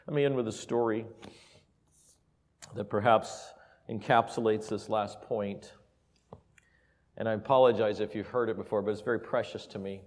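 A man preaching a sermon and telling a personal story, moving from quiet, intimate asides to loud, emphatic peaks. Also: fairly low pitch, fairly even intonation, moderate pace, pauses often. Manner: emotional, builds from soft asides to loud emphasis. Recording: reverberant hall.

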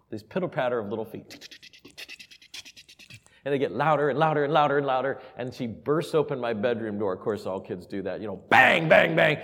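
A man delivers a sermon, weaving in a heartfelt family story with a mid-range voice. He drops to near-whispers, then rises to strong emphasis. A long reverb from the hall trails his words. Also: mid-range voice. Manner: emotional, builds from soft asides to loud emphasis. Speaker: preacher.

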